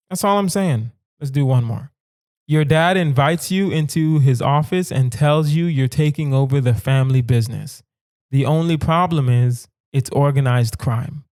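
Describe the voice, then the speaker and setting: A man's voice: mid-range voice, darkish tone, no echo, studio quality. A young man hosting a comedy podcast alone, riffing on hypothetical dilemmas and talking straight to his listeners with mock-serious asides. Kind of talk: solo comedic monologue.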